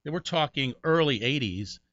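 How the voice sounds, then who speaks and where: A bright-voiced comedian from Connecticut, USA, guests on a storytelling interview at a normal speed, animatedly jumping high in pitch to imitate other people. The recording is dry and muffled, with no echo.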